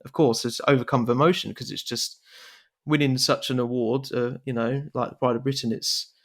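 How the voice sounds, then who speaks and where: Modest young man, halting speech. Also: medium pitch, fairly even intonation. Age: 20s. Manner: modest and halting, with many fillers and restarts. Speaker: interview guest. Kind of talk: conversational interview.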